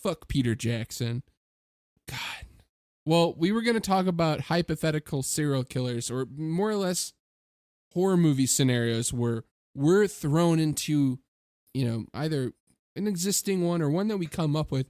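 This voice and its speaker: A man's voice: on the high side, expressive, normal speed, darkish tone, dry recording, clean studio sound. A young man co-hosting a podcast in casual, joking chat, sometimes slipping into silly impressions. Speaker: podcast co-host.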